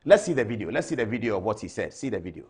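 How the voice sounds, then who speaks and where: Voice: medium pitch, big pitch swings, racing, darkish tone, breathy edge. A TV show host with a Ghanaian accent, giving live commentary and lecturing with repeated rhetorical questions.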